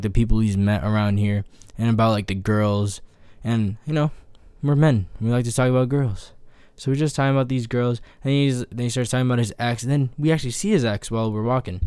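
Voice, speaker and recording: A young man telling a story in a casual vlog, animated, acting out the people he quotes with voice shifts and sound effects. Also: fairly low pitch, clear, resonant tone, no room sound. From New York.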